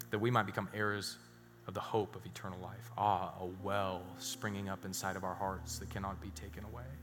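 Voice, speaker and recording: A man preaching a sermon as a pastor, telling a story and dropping suddenly to hushed emphasis. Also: sits low, flat delivery, brisk. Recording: reverberant hall with faint music.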